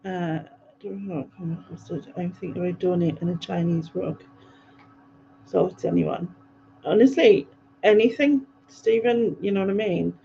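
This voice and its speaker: At a normal pace, a livestream host reads and riffs on viewer comments in a lowish, creaky, mellow voice, frequently laughing and saying um. Slight background noise sits under the dull lo-fi audio.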